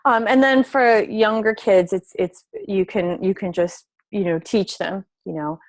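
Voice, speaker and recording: A woman therapist leads a parenting webinar in a gentle, explanatory way, now and then acting out what a parent might say to a child. Her voice has a gravelly edge of fry. The sound is close and dry, with no room around it. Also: mid-range voice, steady tone, measured pace, dry recording. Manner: gentle, explanatory, acts out example dialogues with children. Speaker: family therapist presenting a webinar. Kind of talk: spoken webinar presentation.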